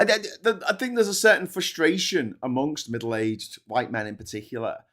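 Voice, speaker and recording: Sweary ranting male stream host. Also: medium pitch. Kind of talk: live-stream commentary reading viewer comments.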